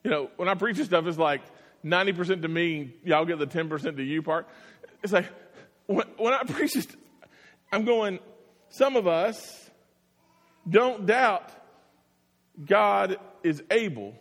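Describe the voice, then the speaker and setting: A man preaching a sermon, telling the story in an animated way and acting out the voices. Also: sits high, a little slow, pauses often. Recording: long hall reverb.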